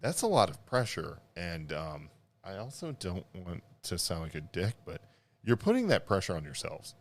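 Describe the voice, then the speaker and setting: A man's voice: deep voice, huge pitch swings, normal speed. A man co-hosting a podcast in casual chat, rambling with lots of fillers and laughing as he talks. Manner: rambling, filler-heavy, laughs mid-sentence. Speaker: podcast co-host.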